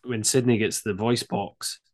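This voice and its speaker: A man's voice: lowish voice, fairly even intonation, unhurried. A man chatting casually about a horror film on a podcast, rambling and laughing often. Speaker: podcast co-host.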